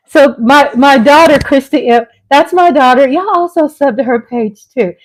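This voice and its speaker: A middle-aged woman hosting her vlog at home, chatting casually with viewers; animated and gushing, laughing often and swinging from loud excitement to soft tenderness. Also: medium pitch, rough recording. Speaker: vlog host. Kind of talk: casual live chat with viewers. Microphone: on a mic at home.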